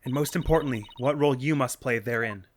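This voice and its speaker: A man voicing a calm, level-headed adult defense lawyer in a game let's play, with a measured, reassuring tone. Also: medium pitch, slight background noise, natural voice. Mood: earnest.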